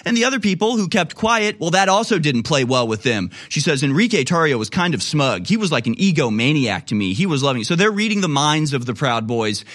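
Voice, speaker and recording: A man's voice: a little high, very animated, brisk, hardly any pauses, a bit bright. A man hosting a political talk radio show, quoting articles and rebutting them with indignant emphasis. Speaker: radio host.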